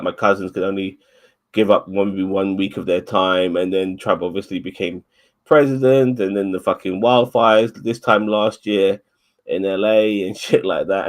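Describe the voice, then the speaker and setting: A man chatting casually as podcast co-host, rambling, swearing a lot and stumbling over repeated words. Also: lowish voice. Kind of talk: casual chat.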